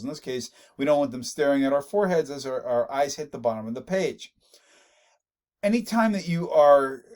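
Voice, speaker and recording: A man giving a recorded online business lecture in a conversational way, often repeating a word as he gathers his thoughts. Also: on the high side. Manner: conversational, repeats words while thinking. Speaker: instructor.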